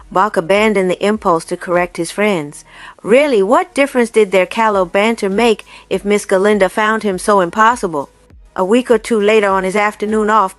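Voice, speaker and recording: A woman's voice: mid-range voice, dry recording. Woman reading a novel aloud, dry sound. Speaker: reader. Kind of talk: audiobook narration.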